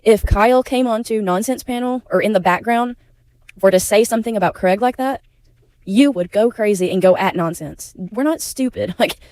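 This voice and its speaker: A woman's voice: medium pitch, normal speed, darkish tone. A woman giving blunt, indignant opinion commentary, emotional and outspoken about being a victim herself. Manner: indignant, blunt, swears when upset. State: emotional, near tears at times. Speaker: YouTube commentary creator.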